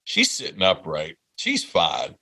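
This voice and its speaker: A man's voice: low voice, wildly swooping pitch, a little slow, creaky, bright, forceful tone. A man in his thirties, a podcast co-host, telling a rambling, heartfelt story in casual chat and swearing freely. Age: 30s.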